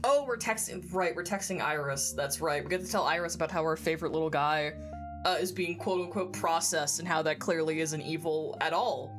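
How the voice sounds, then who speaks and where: A woman streamer with a deep voice speaks a little fast during casual talk while gaming. Her phlegmy, congested throat doesn't stop her from giggling often and swearing freely, and game music plays in the background.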